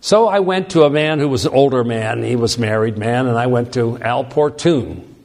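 A man with a mid-range voice preaches a sermon at a moderate pace, telling a self-deprecating personal story. His delivery is lively and animated, with frequent restarts.

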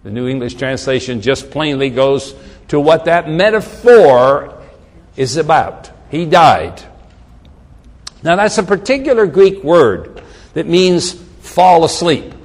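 A man's voice: fairly high pitch, expressive, slow, long reverb tail. A man preaching a sermon, reading scripture aloud with rising emphasis and slipping into casual asides. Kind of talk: sermon, Bible exposition.

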